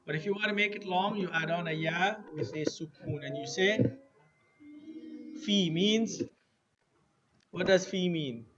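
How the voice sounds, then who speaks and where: A man teaching an Arabic lesson to a class, slowly spelling words out letter by letter and repeating them. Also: high-pitched, a bit bright, muffled recording.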